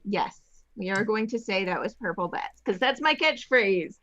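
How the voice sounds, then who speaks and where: A woman's voice: medium pitch, animated, moderate pace, fairly bright tone, lo-fi sound, a little hiss or hum. A woman playing in a tabletop game, playful and giggly. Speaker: player. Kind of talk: casual tabletop game chat.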